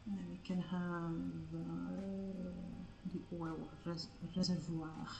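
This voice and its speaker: A woman's voice: lowish voice, flat delivery, takes it slowly, gravelly, darkish tone, echoey room, faint music behind. A woman art streamer chatting casually as she draws, scattered and self-mocking, and she swears freely. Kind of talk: casual live-stream chat while drawing.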